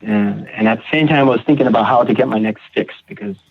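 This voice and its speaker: A man guest on a recovery podcast, telling his personal story in a halting way, repeating words and acting out what others said. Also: fairly low pitch, vocal fry, breathy edge. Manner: halting, repeats words, acts out quoted voices. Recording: tinny phone-like audio.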